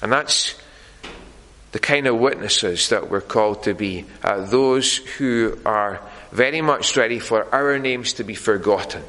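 A man preaching a sermon in a church, earnest and deliberate, pausing often on fillers. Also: lowish voice, bright, forceful tone, long reverb tail, rough recording.

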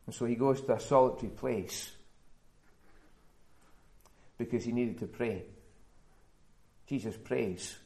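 A man's voice: mid-range voice, takes it slowly, vocal fry, pauses often, warm tone. Man preaching a sermon in an echoey church. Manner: earnest, builds to emphatic repetition. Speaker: pastor. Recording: roomy church echo.

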